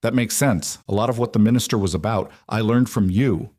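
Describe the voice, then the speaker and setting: A man's voice: lowish voice, fairly quick, darkish tone, close to an everyday voice. A man voicing an insecure adult husband who confesses hesitantly and apologetically in an audiobook. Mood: defensive.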